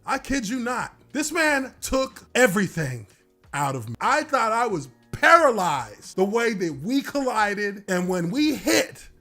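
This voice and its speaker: A man's voice: sits high, unhurried. A former pro football lineman telling a dramatic game story in a casual way, with a bit of swearing. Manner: animated, dramatic retelling with casual profanity. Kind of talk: storytelling anecdote. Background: faint music.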